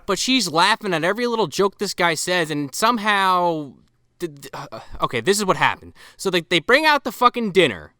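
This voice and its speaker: A man co-hosting a casual movie review podcast, animated and swearing often. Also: high voice, fairly quick, no echo, clean studio sound. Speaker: podcast co-host.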